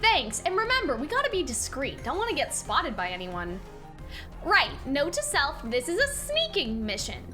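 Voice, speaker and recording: A woman's voice: high-pitched, huge pitch swings, pushed and bright, soft background music, pitched below the performer's own voice, heavily acted. Woman reading a gushing nerdy inventor. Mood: excited. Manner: rapid, gushing, self-congratulating. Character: excitable, nerdy young male inventor.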